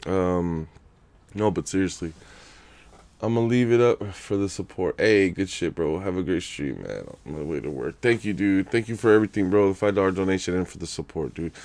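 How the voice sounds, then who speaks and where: A man's voice: deep voice, fairly quick, no echo. A young man casually commenting on his game live, using slang and thanking viewers for donations. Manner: casual, laughs loudly, slangy, reads donations aloud. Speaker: streamer. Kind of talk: live-stream gameplay commentary.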